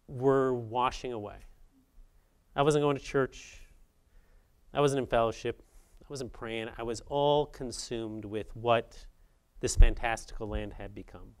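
Storytelling middle-aged man at a lectern. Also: mid-range voice. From Saint Paul, Minnesota, US. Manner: conversational, swinging between emphatic and quiet. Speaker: speaker at a journalism institute. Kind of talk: personal storytelling talk to an audience.

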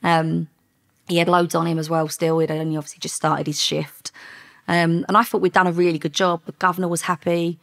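A middle-aged woman, a former undercover police officer, telling lively stories in a podcast interview and acting out the dialogue. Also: fairly low pitch, brisk, gravelly. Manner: lively anecdotes with quoted dialogue, frequent laughs.

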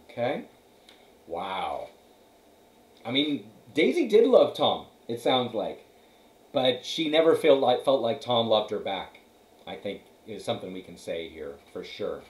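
A man's voice: fairly low pitch, sing-song, measured pace. A man teacher reading a novel aloud to his class and stopping to comment, checking in often with "okay" and "right". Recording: echoey room.

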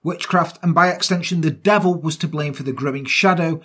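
A man with a husky, slightly raised voice narrates a true-crime case for a podcast. He moves from reading the notes to casual, joking banter, swearing freely as he goes. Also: fairly high pitch, a little fast, a bit bright. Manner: reads the case notes, then jokes and laughs with his co-host, swearing freely.

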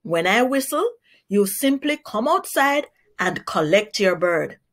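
A woman's voice: medium pitch, big pitch swings, a little slow. A woman doing sly trickster Anansi. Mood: scheming.

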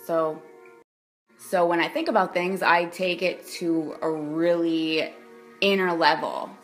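A young adult woman ranting in a vlog, blunt and profane, swinging between loud outbursts and quiet mutters. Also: lowish voice. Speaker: vlogger.

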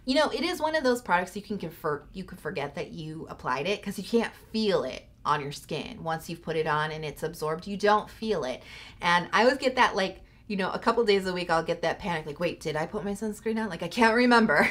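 A woman's voice: on the low side, expressive, a little fast, a bit bright. A woman vlogger chatting enthusiastically through a skincare product review, laughing now and then. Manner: chatty, enthusiastic, laughs often, frequent "like" and "you know". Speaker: beauty vlogger reviewing sunscreens. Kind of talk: casual product review to camera.

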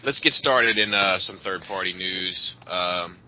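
A man's voice: low voice, measured pace, a little hiss or hum. A man hosting a podcast in casual, profane chat. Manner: profane, laughing. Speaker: podcast host. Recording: muffled lo-fi recording.

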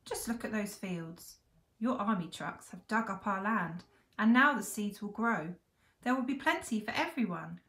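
A woman voicing a calm, dignified male lion king in a storybook reading. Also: medium pitch, moderate pace. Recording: echoey room.

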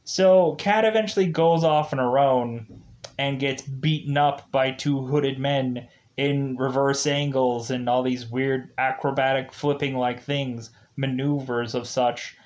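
A man's voice: mid-range voice, fairly even intonation, measured pace, darkish tone. A man giving a casual, rambling review of a show's episodes, full of fillers and restarts. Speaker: show reviewer.

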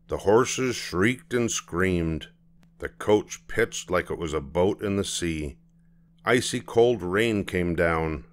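Older man reading a storybook slowly. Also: deep voice. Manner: gentle and expressive. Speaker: storybook reader.

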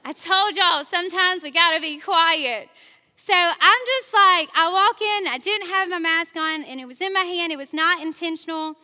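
Bright, high-voiced woman preaching. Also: moderate pace. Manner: chatty storytelling, talks straight to the congregation, laughs at herself. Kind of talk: sermon. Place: church sanctuary. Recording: long reverb of a large church hall.

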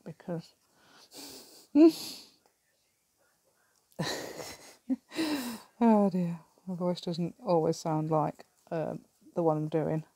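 Middle-aged english woman rambling away at her craft table, bit low voice, laughs a lot, thinks out loud. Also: dry recording. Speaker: craft vlogger. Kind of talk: casual chat while crafting. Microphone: camera on the table.

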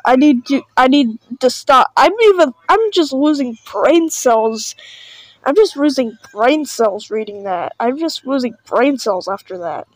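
A woman with a high, bright-sounding voice reacts to videos in a loose, chatty way, swinging between sarcasm and exaggerated fake panic. Her voice is recorded close and dry, with no room sound. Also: expressive, a little slow, no echo, low-quality recording. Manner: mock-panicked, sarcastic, repeats "oh no, guys". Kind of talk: casual reaction commentary.

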